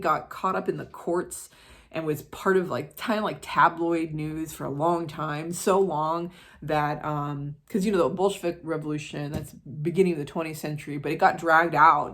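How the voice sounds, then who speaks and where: An American woman chatting casually in her art vlog, rambling through side stories and swearing offhandedly. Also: low voice. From United States. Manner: rambling, full of tangents and asides. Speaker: art vlogger. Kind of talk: casual chat.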